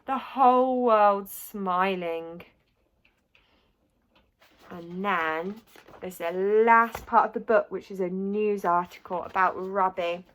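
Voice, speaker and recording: A woman's voice: medium pitch, fairly even intonation, unhurried, a bit bright. A woman reading a children's book aloud, narrating expressively in the first person. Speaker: audiobook reader.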